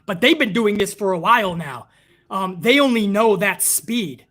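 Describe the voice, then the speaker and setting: A man from the United States hosts a casual wrestling livestream, his voice high-pitched, a bit bright, and lively in intonation at a normal speed. He rambles loosely, swears freely, and works himself into heated rants between reading donations. He's a wrestling podcast host.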